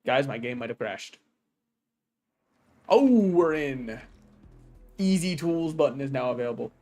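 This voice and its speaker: Loud, joking male game streamer. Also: medium pitch, lively intonation, a little slow, soft background music. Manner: projects his voice loudly, joking and self-mocking. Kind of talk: casual gameplay livestream commentary.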